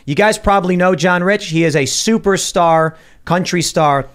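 A man's voice: high voice, normal speed. A man hosting a podcast, talking in an upbeat, enthusiastic way. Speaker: podcast host. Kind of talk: casual podcast talk.

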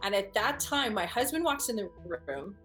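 A woman's voice: mid-range voice, expressive, normal speed, a bit bright. A woman recounts her own experience to listeners in an earnest, vivid manner. Her voice sits in a middle register. She often stops mid-phrase, restarts and repeats words as she tries to get the telling right, with faint music behind her. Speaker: speaker recounting a personal experience. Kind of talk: first-person storytelling to an audience.

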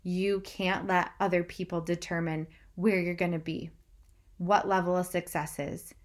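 A woman's voice: lowish voice, flat delivery, a little slow. Enthusiastic woman vlogger. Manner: enthusiastic, emotional, talks straight to viewers. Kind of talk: casual vlog recap.

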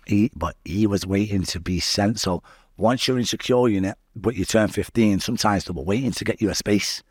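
A young man, a podcast guest telling his life story in an animated, swearing, storytelling way. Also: on the low side, fairly quick, breathy edge, no room sound, studio quality. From Salford, England. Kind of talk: storytelling interview.

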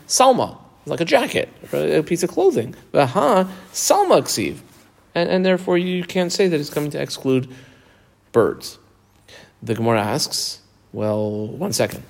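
A man's voice: on the high side, creaky, a little mellow. A man teaching a text lesson, explaining step by step and asking questions as he goes. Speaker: Talmud teacher.

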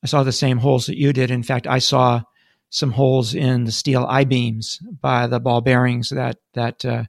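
A male interviewer with a gravelly, fry-edged voice asks measured, direct questions. The recording is dry and close. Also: medium pitch, little pitch movement, dry recording.

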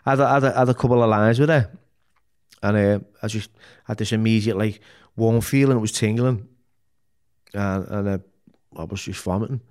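A man's voice: lowish voice, fairly even intonation, moderate pace, long pauses, a little mellow, clean tone. A middle-aged man, a podcast guest talking candidly, bluntly and full of swearing, often restarting his sentences. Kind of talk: candid interview talk.

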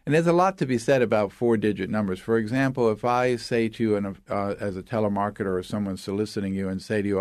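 A man's voice: lowish voice, fast, few pauses, a little mellow, no room sound, clean studio sound. A man speaking as an expert guest, explaining things with step-by-step examples in an authoritative way. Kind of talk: explanatory interview talk.

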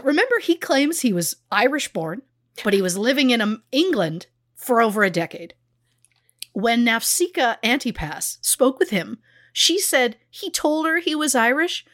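A woman's voice: a little high, fairly bright tone, dry recording, clean studio sound. A woman co-hosting a true crime podcast, blunt and sarcastic as she recaps a case. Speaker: podcast co-host.

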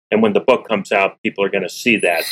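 A middle-aged man speaks in a somewhat low voice, telling a personal story to an interviewer. He sounds earnest and frank and often stops and restarts his sentences. He clears his throat again and again as he talks. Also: brisk, fairly bright tone, rough recording. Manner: earnest, candid, with restarts and repeats. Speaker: interview guest, author.

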